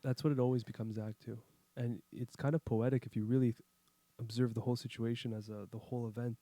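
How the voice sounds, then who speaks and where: Male co-host, calm and thoughtful, dry sound. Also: mid-range voice, quick pace, dry recording. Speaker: podcast co-host. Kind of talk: casual chat.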